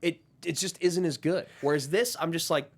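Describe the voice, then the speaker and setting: A man's voice: on the high side, moderate pace. A man co-hosting a casual film podcast, talking over a remote call and acting out movie lines in big voices.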